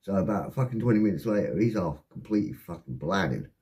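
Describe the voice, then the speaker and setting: A man telling a rambling, heavily sworn personal anecdote in a casual, animated way. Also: sits low, fast talker, a little hiss or hum. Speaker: storyteller.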